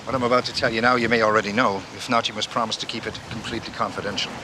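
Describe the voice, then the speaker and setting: A man's voice: fairly low pitch, fairly even intonation, very fast, lightly acted. A man playing a sly, teasing secret agent. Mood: guarded. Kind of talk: television drama acting. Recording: noisy TV soundtrack.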